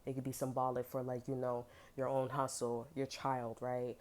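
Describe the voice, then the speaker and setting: A woman's voice: rumbling low, level tone, moderate pace, darkish tone. A woman giving a casual tarot reading, blunt and profane, full of emphatic slang. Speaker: tarot reader.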